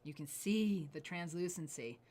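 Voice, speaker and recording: A woman hosting a live jewelry sale, gushing over each piece and often dropping to breathy near-whispers as she admires it. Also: fairly low pitch, a little slow, a little mellow. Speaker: jewelry sales host. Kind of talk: live shopping presentation.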